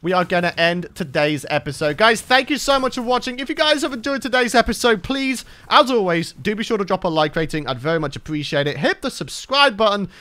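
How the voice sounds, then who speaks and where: A man's voice: high-pitched, expressive, fairly quick, few pauses, pushed and bright. A man hosting a let's play, talking nervously and exclaiming often as he plays. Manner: jittery, exclaims and repeats himself when scared. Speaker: gaming channel host.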